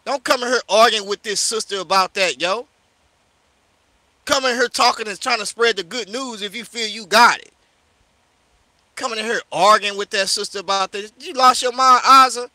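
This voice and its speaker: A man's voice: sits high, normal speed, pauses often, pushed and bright, no room sound. A man from St. Louis, a street preacher on a livestream, confrontationally scolding a listener and repeating "yo" and "you know what I'm saying.". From St. Louis, USA. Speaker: street preacher hosting a live discussion. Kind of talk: heated livestream rant.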